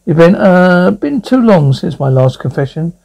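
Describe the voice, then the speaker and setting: A man's voice: sits high, sing-song, normal speed, creaky, a little mellow, heavily acted, rough recording. A man voicing a brooding young blind lawyer at confession, stammering through his memories in an amateur audio drama.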